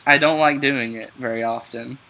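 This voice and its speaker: A young man with a Southern country accent on a casual podcast chat, teasing and joking, then quick to apologize. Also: mid-range voice, fairly even intonation, sharp tone, poor audio. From American South. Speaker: podcast co-host.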